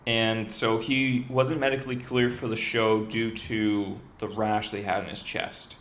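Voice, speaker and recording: A chatty man co-hosting a wrestling podcast, laughing often, with a somewhat low voice. He is recorded in a room with a noticeable echo. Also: flat delivery, a little slow, a bit bright, a little hiss or hum. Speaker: podcast co-host. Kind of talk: casual wrestling recap chat. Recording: echoey room.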